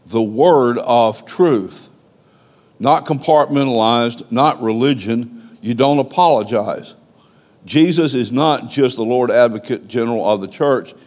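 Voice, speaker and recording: A male pastor delivers a sermon in a church sanctuary, building his points through repeated, emphatic phrases. He takes his time, letting each line land slowly. His voice carries a long reverb from the hall around him. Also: mid-range voice, darkish tone. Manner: emphatic, repetitive preaching cadence.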